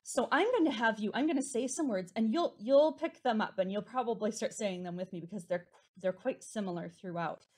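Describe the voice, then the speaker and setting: A young woman leading a preschool storytime, with a sing-song, encouraging, slow and exaggerated delivery for small children. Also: fairly high pitch. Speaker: children's librarian.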